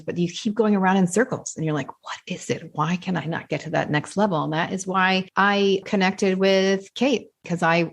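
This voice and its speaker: A woman hosting an interview, speaking in a slow, measured way. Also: fairly low pitch. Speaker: host. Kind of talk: interview talk.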